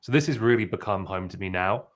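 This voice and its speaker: A man's voice: sits low, fast talker. A man in his twenties with a British accent and a slight Australian twang, chatting casually as a guest and laughing easily. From United Kingdom. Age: 20s. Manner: chatty, laughing, many restarts. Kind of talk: casual video chat.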